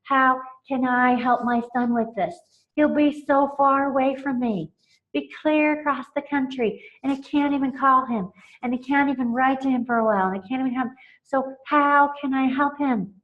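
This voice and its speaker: A woman's voice: high voice, fairly even intonation, moderate pace. A woman in her forties, a parenting mentor, giving earnest, emotional tips on connecting with children, often laughing and restarting her sentences. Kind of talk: informal talk on parenting tips. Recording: muffled lo-fi recording.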